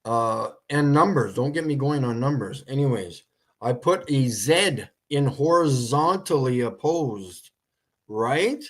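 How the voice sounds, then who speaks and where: A man's voice: mid-range voice, animated, slow. A man hosting a casual livestream, rambling and joking, laughing at his own points. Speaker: livestream host.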